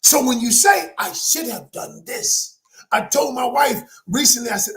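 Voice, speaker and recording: A man's voice: very high voice, expressive, measured pace, fairly bright tone. A man speaking as a communication coach, teaching in an emphatic, preacher-like motivational style, often raising his voice.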